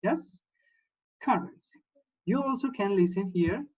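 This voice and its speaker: A man's voice: high-pitched, unhurried, a little mellow. Patient male teacher on a lo-fi laptop mic. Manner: patient, repeats words and checks in with "yes?". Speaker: English teacher. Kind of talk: online class instruction.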